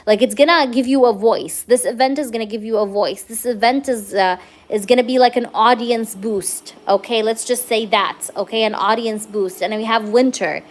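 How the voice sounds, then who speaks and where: A woman's voice: a little high, moderate pace, hardly any pauses. A young woman giving a live-streamed tarot reading, chatty and reassuring, filling her talk with "um" and "okay?" checks. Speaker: tarot reader.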